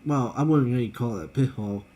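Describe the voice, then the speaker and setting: A man co-hosting a casual podcast chat, halting and often searching for his words. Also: medium pitch, warm tone. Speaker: podcast co-host.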